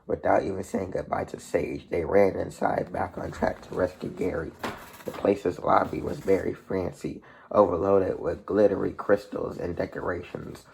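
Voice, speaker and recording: A man reading a novel aloud as narrator in a gravelly, husky voice, with plain delivery, slips and restarts. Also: low-pitched, fairly even intonation, normal speed, darkish tone, a little hiss or hum.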